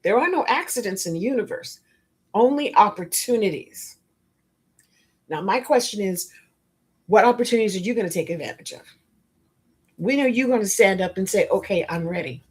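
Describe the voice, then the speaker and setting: Hosting her motivational podcast, this spiritual life coach has a mid-range, animated voice with a breathy edge, a moderate pace and long pauses. She addresses her audience head-on, emphatic and blunt, tossing in frank asides.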